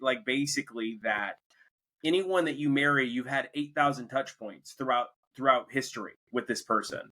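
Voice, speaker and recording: A man's voice: mid-range voice, a bit bright, poor audio. A young man hosting a podcast, casually retelling a film's plot in a rambling way. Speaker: podcast host. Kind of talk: casual movie review chat.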